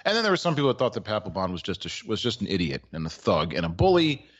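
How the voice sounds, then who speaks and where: A man's voice: fairly low pitch, big pitch swings, rapid-fire, lo-fi sound. A man co-hosting a podcast, telling a sports story in a wry, rambling way with plenty of filler words. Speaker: podcast co-host. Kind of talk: casual sports chat.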